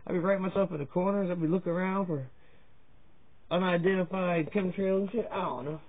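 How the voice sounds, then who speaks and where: A man's voice: high voice, steady tone, a little fast. A man rambling through a profane, jokey comedy monologue to his camera, jumping from topic to topic. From Virginia, USA. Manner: crude, profane, jokey, jumps between topics. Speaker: comedy vlogger. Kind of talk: rambling stand-up style monologue. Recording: tinny phone-like lo-fi sound.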